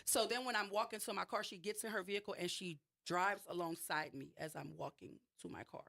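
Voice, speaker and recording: A woman's voice: fairly low pitch, a little fast, vocal fry, fairly bright tone. A woman with a New Orleans accent, a radio show guest recounting a personal story with emphasis and frequent restarts. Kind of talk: radio interview, personal account.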